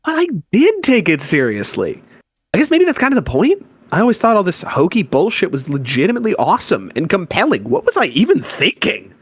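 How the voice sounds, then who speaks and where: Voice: medium pitch, huge pitch swings, fairly quick, husky, no room sound, studio quality, full character voice. A voice actor playing a disillusioned teenage boy who rants sarcastically and with exasperation in a fan-made comic reading. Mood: dejected.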